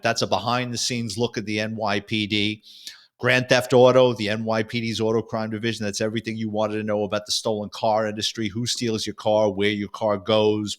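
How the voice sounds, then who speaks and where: A man from New York, a retired detective and author, telling stories lively in an interview. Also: fairly low pitch. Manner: lively storyteller, acts out voices. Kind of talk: storytelling interview.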